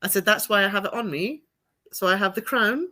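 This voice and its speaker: A woman's voice: mid-range voice, fairly quick. A middle-aged Scottish woman chatting as a podcast guest, telling stories with frequent laughter and casual swearing. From Scotland. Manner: lively storyteller, laughs often, swears freely. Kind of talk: casual chat.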